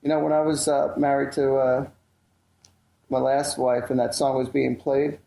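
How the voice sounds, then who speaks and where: A man's voice: mid-range voice, flat delivery, moderate pace, gravelly, dark tone, roomy sound, rough recording. A man co-hosting a radio show, chatting casually, joking and rambling with frequent laughs.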